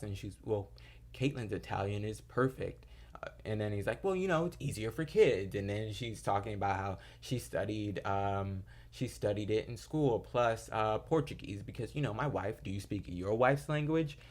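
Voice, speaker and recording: A young man with a fairly low voice talks through a TV episode in a loose, chatty recap. He rambles, piles on fillers, and slips into quoted lines as he retells scenes. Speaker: TV episode reviewer. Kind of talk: casual recap chat.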